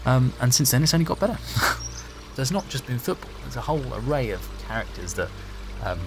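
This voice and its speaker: A man's voice: lowish voice, creaky. A male voice actor recording a cheerful, rambling personal message, chuckling as he goes.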